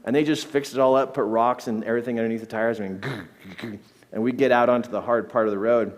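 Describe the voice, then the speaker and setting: A middle-aged man giving a talk full of personal stories, animated and often laughing between phrases. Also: medium pitch, fairly quick. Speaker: speaker.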